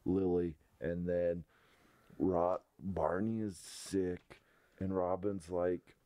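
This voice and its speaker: A young man with a low, mellow voice recaps a sitcom episode on a podcast. He rambles through the scenes, quoting lines and breaking into laughter. The sound is dry and close, with no room around it. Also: level tone, slow, no room sound. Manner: laughs often, rambling retelling with quoted lines. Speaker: podcast host.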